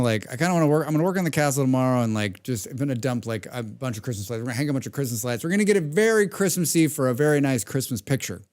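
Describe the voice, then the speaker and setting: A man's voice: medium pitch, darkish tone. A man in mid-range voice talking his way through a live gaming stream. He rambles from thought to thought, hums little nonsense sounds under his breath and drops the occasional casual swear. The tone stays loose and conversational throughout. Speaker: game streamer. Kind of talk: casual live-stream chat while playing.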